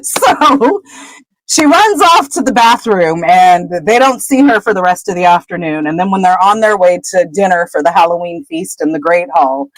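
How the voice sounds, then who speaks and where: A woman's voice: on the low side, dry recording, poor audio. A woman co-hosting a podcast, chattily retelling a chapter, laughing often and trailing off with "whatever.". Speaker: podcast co-host. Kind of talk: casual chapter recap.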